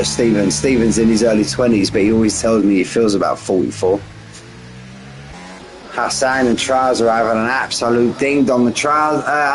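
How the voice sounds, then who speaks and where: This poorly recorded clip features a fortysomething man with a lowish voice calling a race live in a loose, slangy style. Between calls he talks with the chat, and tight finishes bring sudden jolts of excitement.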